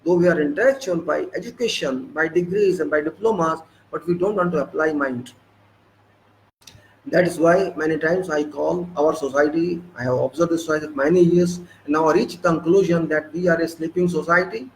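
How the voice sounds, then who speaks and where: Indian-accented man, higher voice, fiery rhetorical lecture, faint hiss behind. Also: a little fast, rough recording. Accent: Indian English. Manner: rhetorical, scolding, repeats questions to the listener. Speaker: political speaker. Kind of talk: impassioned lecture.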